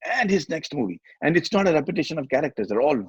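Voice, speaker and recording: A middle-aged man with an Indian English accent, telling animated stories in a casual chat and acting out the voices he quotes. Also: a little high, fast talker, husky, no echo, dull audio. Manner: animated, switches between English and Hindi, acts out quoted voices. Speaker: guest, film actor.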